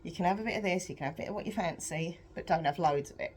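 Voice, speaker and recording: A young adult British woman chatting in a rambling, self-deprecating way on a home vlog, her voice a bit croaky, laughing often. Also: lowish voice, very fast, darkish tone, a little hiss or hum. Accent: British English. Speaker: vlogger. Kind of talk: casual confessional vlog chat.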